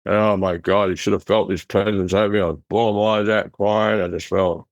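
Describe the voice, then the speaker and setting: Aussie bloke rattling off a story quick, low-ish voice, rough and blunt, dry close sound. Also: male voice, dry recording, lo-fi sound. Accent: Australian. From Western Australia. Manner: rough, blunt and animated, acts out the voices he quotes. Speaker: interview guest. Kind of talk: casual storytelling.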